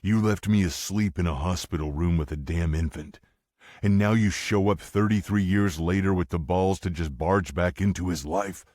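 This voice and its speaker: A man's voice: a bass voice, animated, normal speed, darkish tone, husky, no room sound, clean studio sound, exaggerated voice. A man voicing a blunt, fierce tough man who speaks with threatening bluntness in an audiobook. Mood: angry threatening.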